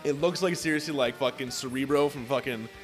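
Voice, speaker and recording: A man's voice: mid-range voice, a little fast, faint music behind. A young man telling a long story in casual chat, swearing often and acting out what others said. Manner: profane, animated storytelling with acted-out quotes.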